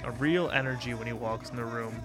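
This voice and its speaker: A young man co-hosts a casual podcast, his voice sitting at an ordinary middle pitch. He rambles loosely, swears freely and laughs often, in a relaxed, unpolished way. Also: fairly quick, music in the background. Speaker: podcast co-host.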